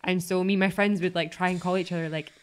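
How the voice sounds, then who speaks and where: A woman's voice: lowish voice, fairly even intonation, fast. A young adult woman, a podcast guest, chatting casually and telling stories with quoted voices. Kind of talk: casual chat.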